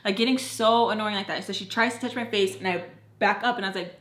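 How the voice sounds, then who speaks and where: A young woman tells a personal story in a casual, animated way, swearing freely and acting out what people said. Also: mid-range voice, fast. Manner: animated, profane, acts out quotes. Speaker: beauty vlogger telling a story. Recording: echoey room.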